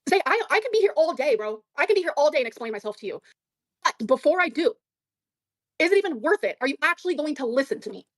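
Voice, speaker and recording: A woman arguing defensively on a livestream, swearing often and talking in rapid bursts. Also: high-pitched, very animated, no room sound, clean studio sound. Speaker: livestream guest. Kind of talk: heated livestream argument.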